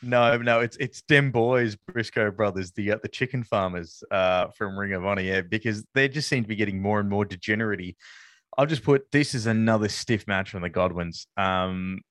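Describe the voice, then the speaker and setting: A man's voice: fairly low pitch, normal speed, fairly bright tone, dry recording, studio quality. A man co-hosting a wrestling podcast, talking casually and rambling with lots of fillers. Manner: rambling, amused, many fillers. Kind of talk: casual review chat.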